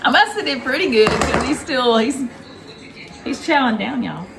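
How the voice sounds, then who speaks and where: A woman hosting a home cooking vlog. She chats warmly and directly to her viewers and raves about the food. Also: sits high, expressive, normal speed, creaky, a crowd in the background. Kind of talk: casual cooking vlog chat. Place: home kitchen.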